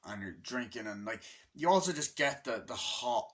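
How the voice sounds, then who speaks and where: A man's voice: medium pitch, animated, normal speed, a bit bright. A man giving a casual, rambling movie review, swearing freely and loosely chatty.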